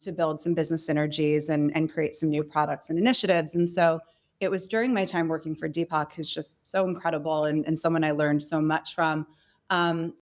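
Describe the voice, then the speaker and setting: Guest spot: woman, 30s, low voice, reflective storyteller, loose with fillers. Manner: reflective, many fillers like "you know" and "kind of". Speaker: guest, company co-founder and CEO. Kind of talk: conversational podcast interview.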